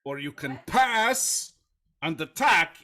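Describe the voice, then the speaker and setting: A man playing a bossy male gym coach who gives commanding, drawn-out instructions to a class. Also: on the high side, big pitch swings, sharp tone, full character voice.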